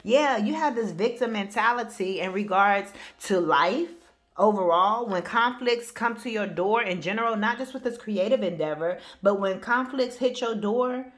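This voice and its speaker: A woman's voice: mid-range voice, moderate pace. A woman speaking as a spiritual life coach, giving a casual motivational talk in a blunt, emphatic way, addressing the listener directly.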